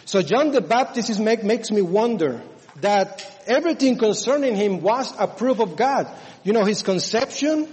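A man with a high-pitched voice preaches a sermon, earnest and exclaiming, often pausing on fillers as he goes. His voice rings out into a large hall with a long reverb tail. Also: expressive, darkish tone.

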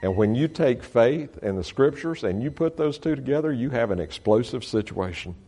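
A man speaking as a missionary, walking a congregation through a slide show at a middle pitch. His talk is folksy and earnest. He often stops, says "uh" and starts a sentence over. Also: lively intonation, normal speed, warm tone, husky. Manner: folksy and earnest, many fillers and restarts. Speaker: missionary reporting to supporters.

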